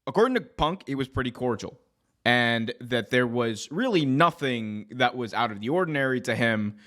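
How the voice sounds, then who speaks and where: A man's voice: medium pitch, lively intonation, normal speed, a bit bright. A male host with a mid-range voice gives commentary on a clip he just played. He steps in to explain the background and what the guest meant.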